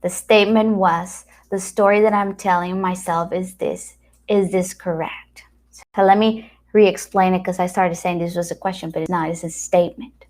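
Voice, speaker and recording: A woman from America, giving a motivational talk full of personal anecdotes, acting out what people said and sometimes dropping to a soft whisper. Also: lowish voice, moderate pace, hardly any pauses. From Latin America. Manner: animated storyteller acting out quoted dialogue. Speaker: speaker at a wellness retreat center.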